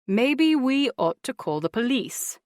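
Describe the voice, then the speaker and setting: A woman voicing a steady, matter-of-fact young man. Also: on the high side, slow pace, no room sound, clean studio sound, pitched above the performer's own voice. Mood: firm.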